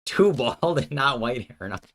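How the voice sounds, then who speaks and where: A man's voice: mid-range voice, expressive, moderate pace, a bit bright. A man hosting a casual live stream, working out card game plays while joking with his chat and thinking aloud, often breaking off mid-sentence. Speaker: streamer and host.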